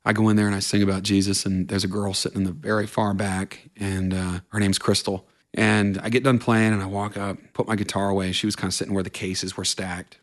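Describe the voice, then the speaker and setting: Low-voiced man, interview guest, earnest rambling storyteller. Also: level tone, brisk, hardly any pauses. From Vermont, USA. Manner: earnest, tumbling run-on storytelling. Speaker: guest, country singer.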